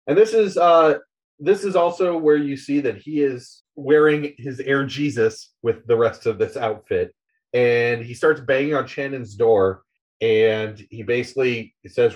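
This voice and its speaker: A man's voice: medium pitch, a little slow. A man casually recapping a graphic novel for a podcast, rambling with many fillers and acting out the characters' lines. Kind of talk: casual retelling with quoted voices. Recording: slightly dull, lo-fi audio.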